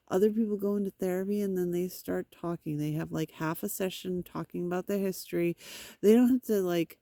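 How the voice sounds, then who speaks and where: A woman's voice: fairly low pitch, a little fast, mellow, dry recording. A woman venting in a rambling, frustrated monologue, swearing and talking to her cats outdoors on a road. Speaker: vlogger.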